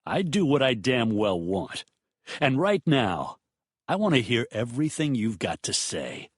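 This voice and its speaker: Man doing a low, threatening furious groom. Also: sing-song, a little slow, breathy edge, no room sound, studio quality. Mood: angry. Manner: clipped, tight, threatening. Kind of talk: audiobook character voice.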